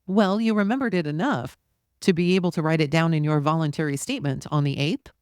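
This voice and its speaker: Woman, podcast host, lowish voice, reads a trial transcript aloud, steady and plain, dry close sound. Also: fairly quick, clear, resonant tone, no echo. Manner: reads both sides of a cross-examination in a plain, steady voice; casual asides with fillers between readings. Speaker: true crime podcast host.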